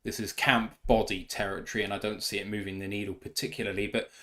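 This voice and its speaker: A man's voice: fairly low pitch, level tone, fast, pushed and bright. British man, podcast host, informative, reads out figures. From United Kingdom. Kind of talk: casual sports podcast chat.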